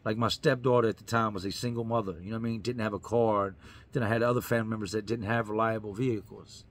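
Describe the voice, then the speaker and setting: A man's voice: fairly low pitch, fairly even intonation, fast talker. A man, a YouTuber, telling his own story in an earnest, emphatic way, repeating lines for effect. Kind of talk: personal storytelling to camera.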